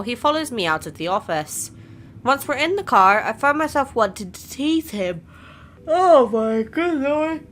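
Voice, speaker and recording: Lady doing a game playthrough, sharp bright voice, chatty, reads the story out loud. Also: mid-range voice, a little hiss or hum. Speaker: gaming channel host. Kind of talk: casual game playthrough commentary.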